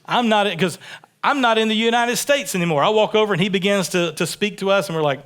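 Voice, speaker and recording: A man from Texas preaching a sermon in a relaxed, conversational way, often repeating words as he builds his points. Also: high voice, quick pace, clear, resonant tone. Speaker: pastor. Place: church sanctuary.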